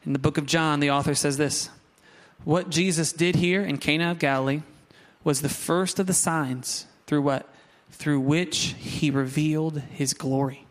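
A man preaching a sermon, lively and conversational, with asides to the congregation. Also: on the high side, a little slow. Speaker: pastor.

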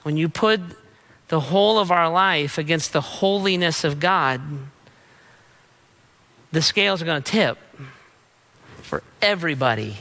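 A man's voice: a little high, lively intonation, a little slow, long pauses, pushed and bright. A man preaching a sermon in a punchy, emphatic way, mixing in casual slang. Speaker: pastor.

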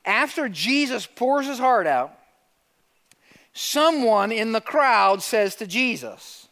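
A middle-aged male pastor preaching a lively sermon, acting out quotes and calling for amens. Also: very high-pitched, slow pace, vocal fry. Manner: animated preaching, asks for amens, acts out quotes.

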